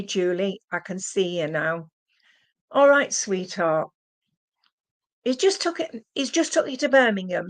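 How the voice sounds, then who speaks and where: Slow-spoken woman medium. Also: a little high. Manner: addresses viewers as sweetheart, relays spirit messages. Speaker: psychic medium. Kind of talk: live-streamed card reading.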